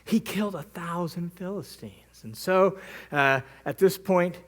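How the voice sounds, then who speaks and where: High-voiced man telling a sermon story. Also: measured pace. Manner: vivid storytelling, acting out quotes. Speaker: pastor. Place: church.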